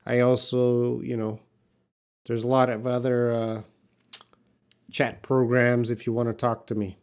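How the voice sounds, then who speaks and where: A middle-aged man hosting a live English lesson, reading chat comments aloud and modelling words slowly. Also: medium pitch, little pitch movement, darkish tone, smooth.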